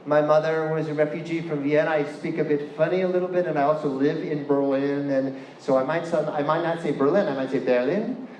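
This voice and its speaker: A man's voice: fairly high pitch, level tone, fairly quick, hardly any pauses, a little mellow, slight background noise. A man with a Californian accent giving a playful, chatty university lecture and asking the audience questions. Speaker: guest lecturer. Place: lecture hall. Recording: echoey hall with faint room ambience.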